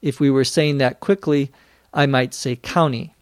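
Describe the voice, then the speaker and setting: A man hosting an English-learning podcast answers listener questions in a slow, careful lesson, teaching methodically and spelling words out letter by letter. His medium-pitched voice is flat at a moderate pace, with clean studio sound and no room sound.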